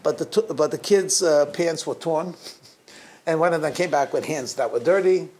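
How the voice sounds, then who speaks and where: A man's voice: a little high, normal speed, a little mellow. Man, rabbi, middle-aged, casual storytelling talk, frequent chuckles, repeats words as he restarts. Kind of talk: anecdotal holiday talk to a congregation.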